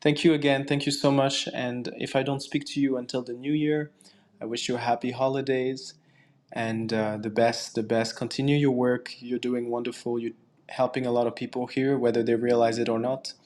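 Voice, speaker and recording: A man's voice: medium pitch, little pitch movement, normal speed, darkish tone. A man taking part in a casual spiritual discussion, speaking earnestly with many restarts and fillers. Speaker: guest participant.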